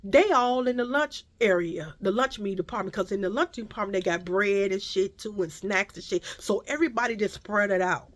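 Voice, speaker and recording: A woman telling a casual, profane story in an emphatic, animated way. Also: mid-range voice, moderate pace, few pauses.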